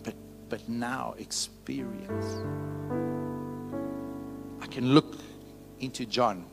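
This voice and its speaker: A pastor with a creaky, mid-range voice preaches very slowly and in a fairly even tone at a church service, piano music behind him. Fervent and candid, he leads call-and-response with the congregation and relates his own testimony.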